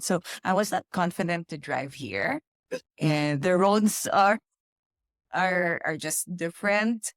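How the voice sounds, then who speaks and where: A woman's voice: fairly low pitch, no room sound, studio quality. A woman from the Philippines co-hosting a casual podcast chat, talking thoughtfully with frequent restarts. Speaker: podcast co-host.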